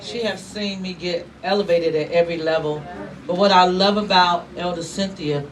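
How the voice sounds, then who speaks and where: An older woman pastor speaking at a church gathering, thanking her team, animated and laughing often as she acts out their replies. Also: lowish voice, moderate pace. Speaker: apostle leading a church. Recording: distant mic, loud crowd and room noise.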